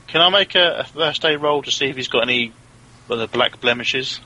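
A man playing a tabletop game, asking questions in a halting way. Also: medium pitch, sharp tone, rough recording. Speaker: player.

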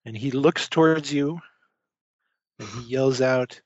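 A man narrates a tabletop horror game as game master. He talks slowly and haltingly, padding his lines with fillers. His voice is dry and close, with dull lo-fi sound. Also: mid-range voice, a little mellow, dry recording.

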